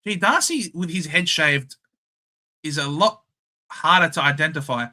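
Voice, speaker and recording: Australian man, young, live stream host, casual watchalong commentary, bright voice, excitable. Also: fairly high pitch, unhurried. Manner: excitable, shouts at big plays, chats with viewers.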